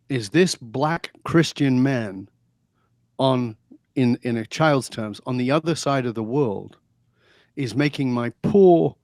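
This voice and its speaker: Animated middle-aged male storyteller, dry sound. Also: mid-range voice, no room sound. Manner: animated storyteller, acts out quotes. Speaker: podcast guest. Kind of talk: storytelling interview.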